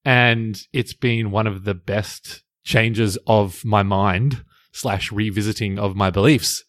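A man co-hosting a podcast in casual chat, playful and quick to laugh. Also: on the low side, steady tone, a bit bright, no room sound, clean studio sound. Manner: jokey, laughs often, playful teasing. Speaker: podcast co-host.

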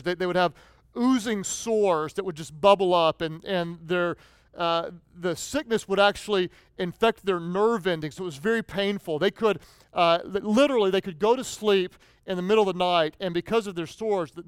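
A male pastor preaching a sermon, telling a story in an animated way that rises to near shouts. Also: high-pitched, smooth, no room sound.

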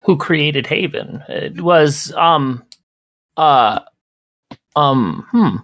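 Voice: medium pitch, expressive, extremely slow, fairly bright tone, voice pushed up. A game master voicing an elderly, suspicious woman alchemist who dithers and speaks formally. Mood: confused. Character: elderly wary sharp-tongued woman alchemist.

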